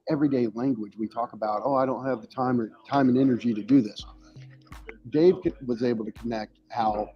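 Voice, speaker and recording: A man's voice: mid-range voice, dark tone, low-quality recording. A man earnestly explaining ideas at length in a casual discussion. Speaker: podcast guest.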